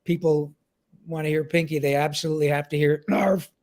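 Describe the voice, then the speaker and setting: A man's voice: on the high side, a little fast. A man in his sixties, a voice actor answering interview questions and slipping into character voices now and then. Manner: animated, slips into character voices. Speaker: voice actor guest. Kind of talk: interview over video call.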